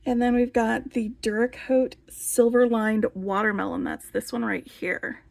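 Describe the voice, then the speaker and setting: A woman's voice: fairly high pitch, fairly even intonation, measured pace, vocal fry, darkish tone, no echo. A woman hosting a casual show-and-tell vlog, chatty and enthusiastic, with lots of "like" fillers. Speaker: beading channel host.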